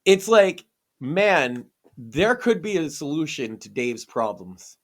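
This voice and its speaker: A man talking on a podcast with an earnest, emphatic push behind his points, swearing freely as he goes. His voice sits somewhat high for a man. It stays conversational throughout, like a co-host making a case. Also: very animated, takes it slowly. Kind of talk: casual podcast discussion.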